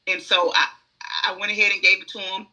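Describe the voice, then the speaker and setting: Woman, oracle card reader, podcast guest, husky voice, very sharp and forceful tone, emphatic storyteller. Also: medium pitch, little pitch movement, fast, lo-fi sound. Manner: emphatic, acts out inner voices.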